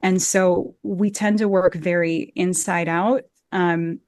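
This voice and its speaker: A woman's voice: fairly low pitch, steady tone, slow pace, a little mellow, no echo. American woman coach on a video call, earnest and passionate, keeps repeating words, dry sound. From United States. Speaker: guest, actor and Shakespeare coach. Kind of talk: conversational interview. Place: home room, video call.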